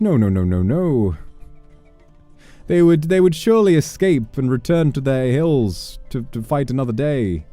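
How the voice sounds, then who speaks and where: A man's voice: medium pitch, expressive, moderate pace, warm tone, dry recording, soft background music. A young man chatting on a gaming livestream, rambling into mock-exasperated rants with plenty of swearing. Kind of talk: casual livestream chat while gaming.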